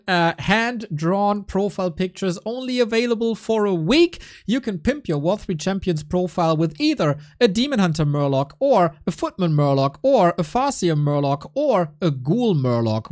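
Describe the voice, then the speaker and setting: A man casting a live esports stream, teasing his co-hosts and reading out viewer support with playful energy. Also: high-pitched. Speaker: esports caster.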